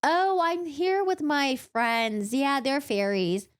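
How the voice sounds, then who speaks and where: A woman's voice: sits high, slow, pitched above the performer's own voice. A woman voicing a flustered young human woman who makes nervous, chirpy excuses.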